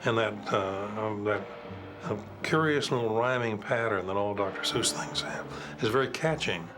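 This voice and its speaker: Thoughtful, low-voiced man in an interview. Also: music in the background. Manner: thoughtful, halting. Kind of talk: reflective interview.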